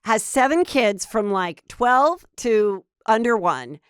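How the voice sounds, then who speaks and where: A woman's voice: on the high side, animated, takes it slowly, clear, resonant tone, no echo, studio quality. A woman hosting a podcast, chatting in a blunt, gossipy way with lots of fillers. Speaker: podcast host. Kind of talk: gossipy casual chat.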